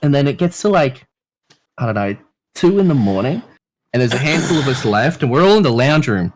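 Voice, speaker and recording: A man with an Australian accent, a podcast guest telling a crude story in a casual, lively way and swearing often. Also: medium pitch, brisk.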